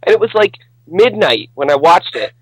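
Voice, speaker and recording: A man's voice: high voice, sing-song, moderate pace, a bit bright, slightly rough, dry recording, low-quality recording. A man co-hosting a podcast, ranting angrily and swearing through casual chat. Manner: angry, profane, ranting. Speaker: podcast co-host.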